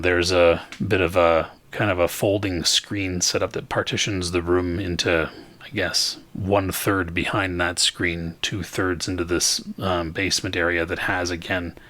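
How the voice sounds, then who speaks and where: A man narrating as game master of a tabletop game, describing scenes in a halting way with many fillers. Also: low voice, sharp tone.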